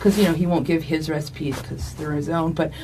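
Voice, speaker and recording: A woman's voice: deep voice, steady tone, brisk, dark tone, slight background noise. A woman who hosts a food segment on morning radio and tells stories with lots of laughter. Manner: storytelling, laughs a lot. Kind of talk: casual morning show chat.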